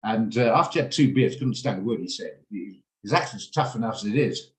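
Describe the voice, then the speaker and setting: A man's voice: on the low side, expressive, fast. Male trading host, blunt and rambling, echoey video-call sound. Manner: chatty, blunt, rambles off topic. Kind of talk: casual chat in an online trading session. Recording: roomy echo on a video call.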